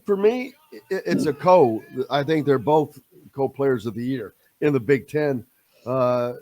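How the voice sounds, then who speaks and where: A man's voice: mid-range voice, darkish tone, no echo. A male sports radio host speaking emphatically and jumping in to disagree.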